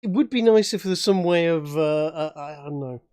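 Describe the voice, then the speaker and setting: A man's voice: fairly high pitch, fairly quick, a little mellow, clean tone, no room sound, clean studio sound. A man from England chatting as a player in a tabletop game, rambling with many restarts and fillers. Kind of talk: casual chat at a tabletop game.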